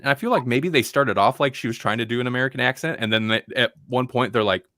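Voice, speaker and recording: Male podcast co-host, medium pitch, loose rambling film-review chatter, dead dry mic. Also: fast, hardly any pauses, pushed and bright, no room sound. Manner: rambling, restarts often, puts on dull voices to mock actors. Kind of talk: casual film review chat.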